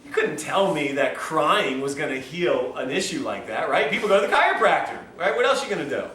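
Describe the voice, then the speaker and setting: A man's voice: on the high side, very animated, a little fast, fairly bright tone. Man lecturing in an echoey room. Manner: conversational, acts out quoted dialogue. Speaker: health lecturer. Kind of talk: lecture with personal storytelling. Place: lecture room at a health institute. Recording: echoey room from far off, faint hiss.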